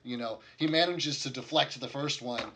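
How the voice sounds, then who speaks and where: A man's voice: medium pitch, moderate pace, pushed and bright. A man narrating combat as game master, in a loose, profane, rambling way with many fillers.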